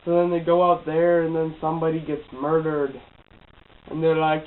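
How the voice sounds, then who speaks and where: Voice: mid-range voice, level tone, normal speed. A casual movie reviewer with a cold, rambling with lots of fillers and restarts. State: has a cold. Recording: tinny phone-like audio with faint hiss.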